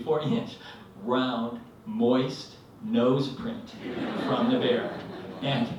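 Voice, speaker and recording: A man's voice: mid-range voice, slight background noise. Rambling man telling a story on stage. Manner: rambling, animated, acts out quotes. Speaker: storyteller at a live event. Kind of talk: live storytelling. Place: live event venue, indoors. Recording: echoey hall, mic from a distance.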